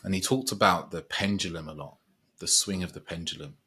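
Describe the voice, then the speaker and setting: A man's voice: low-pitched, brisk, sharp tone, a little hiss or hum. A man speaking as a podcast guest, thoughtful and meandering, often restarting his sentences as he reflects. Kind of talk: reflective conversational chat.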